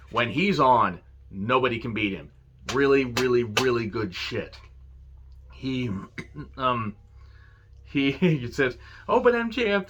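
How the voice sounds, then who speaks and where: A man giving a casual solo review of a wrestling show, cursing freely, laughing and quoting promo lines with excitement. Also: on the low side, lo-fi sound. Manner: profane, enthusiastic, laughs and quotes lines.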